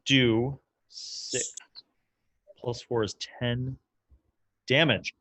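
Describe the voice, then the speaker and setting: A man's voice: medium pitch, steady tone, extremely slow, sharp tone, no room sound. A man narrating as game master in a casual, loose way, with lots of fillers.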